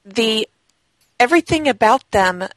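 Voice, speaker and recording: A woman co-hosting a gaming podcast in casual chat, talking in a lively, chatty way. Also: a little high, unhurried, dry recording, low-quality recording. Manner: chatty, laughs easily. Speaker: podcast co-host; game blog writer. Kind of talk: casual chat about games.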